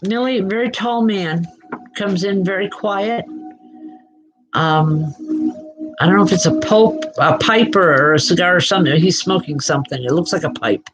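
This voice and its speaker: A woman's voice: lowish voice, normal speed, rough recording. Chatty woman giving spiritual readings. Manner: chatty, reassuring, addresses viewers by name; frequent fillers and restarts, checks in with "okay?". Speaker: psychic medium host. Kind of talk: live spiritual reading for viewers.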